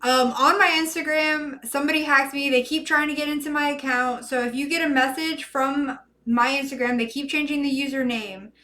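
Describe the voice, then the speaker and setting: A high-voiced woman hosting a casual livestream. She talks to her chat in a flustered way and swears freely. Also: steady tone, moderate pace, hardly any pauses, bright, forceful tone. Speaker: host.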